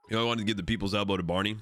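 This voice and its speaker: A man's voice: fairly low pitch, a bit bright. A young man live-streaming, chatting casually and rambling with lots of swearing while reading out his chat. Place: home streaming setup. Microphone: desk microphone.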